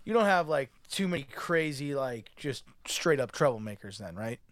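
A man's voice: medium pitch, big pitch swings, moderate pace, no room sound. A man co-hosting a podcast, playful and goofy in casual chat, swearing for laughs. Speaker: podcast co-host.

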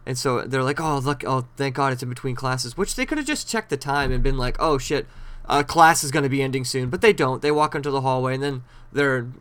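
A man's voice: medium pitch, brisk, hardly any pauses, fairly bright tone, clean tone. A man hosting a podcast on his own, recapping a TV episode in a rambling, chatty way with frequent self-corrections. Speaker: podcast host.

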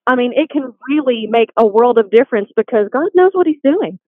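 A woman with a fairly high voice tells her faith story earnestly and with animation. She comes through a dry, tinny phone line. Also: lively intonation, moderate pace, no echo. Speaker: guest. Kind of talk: faith testimony chat.

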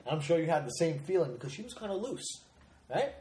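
A man tells a crude, rambling story in casual podcast chat. His voice moves a lot, jumping up and down in pitch as he talks. He sounds loose and unfiltered. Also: very animated, fast, warm tone, reverberant. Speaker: podcast co-host.

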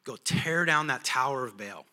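A man's voice: mid-range voice, animated, moderate pace, pushed and bright, pitched below the performer's own voice. A man playing a blunt, unbothered angel. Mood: commanding. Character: calm commanding angel messenger.

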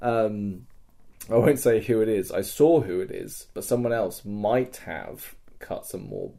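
A man's voice: fairly low pitch, measured pace, gravelly. A man on a podcast, animatedly telling a story about a live-action role-play event, swearing often. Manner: animated and sweary, with frequent laughs and restarts. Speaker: podcast guest.

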